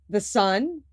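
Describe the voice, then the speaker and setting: Woman, podcast co-host, lively swooping pitch, laughs a lot, dry close sound. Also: no room sound. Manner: animated storyteller, laughs often, trails off and restarts. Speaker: dental hygienist podcast co-host. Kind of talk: casual chat.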